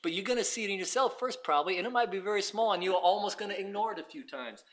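A man preaching a sermon, dropping to hushed asides and rising to shouted emphasis. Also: high-pitched, rapid-fire.

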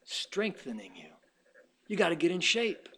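Fervent high-voiced man preaching. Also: wildly swooping pitch, unhurried, bright, forceful tone, slight background noise. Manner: fervent, folksy preaching with personal stories. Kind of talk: sermon.

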